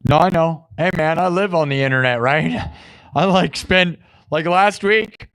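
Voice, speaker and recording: A man's voice: fairly high pitch, a little slow, a bit bright, clean tone. A man hosting a live music stream, chatting casually with viewers, laughing often and acting out quotes.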